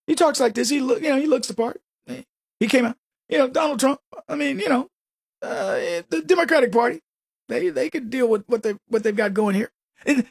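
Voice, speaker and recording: A man's voice: high voice, no echo, clean studio sound. A man hosting a radio show, delivering a combative, sarcastic political monologue full of rhetorical questions.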